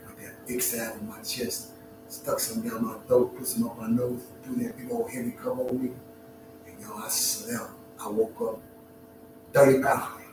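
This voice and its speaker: A man giving an emotional, heartfelt talk, swinging from hushed near-whispers to loud preaching. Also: medium pitch, very animated, normal speed. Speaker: talk show host. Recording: very echoey room, far from the mic, clear music behind.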